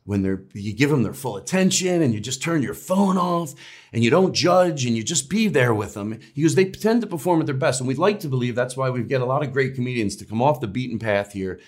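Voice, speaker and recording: A male comedian as an interview guest, talking in rambling, animated bursts with restarts and swearing. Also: mid-range voice, fairly quick. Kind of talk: casual interview chat.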